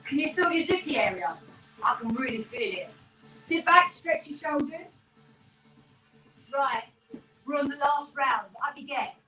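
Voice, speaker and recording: A fitness instructor coaches a live home workout from a small room in a terraced house, upbeat and encouraging as she counts reps, slightly out of breath. Her high, bright voice has lively intonation, a slightly slow pace, and long pauses. With no microphone, the camera mic catches her from across the echoey room, roomy and distant, with faint workout music behind.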